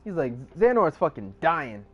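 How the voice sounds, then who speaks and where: A man's voice: a little high, very animated, moderate pace, lo-fi sound. A man streaming live, recapping a story casually in slangy, profane, rambling talk. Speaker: livestreamer.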